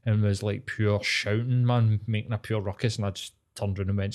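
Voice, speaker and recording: A man's voice: fairly low pitch, level tone, a little mellow. A Glaswegian man co-hosting a podcast, telling stories in sweary casual chat and acting out other people's lines. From Scotland. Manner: sweary storytelling with quick acted-out voices. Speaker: podcast co-host.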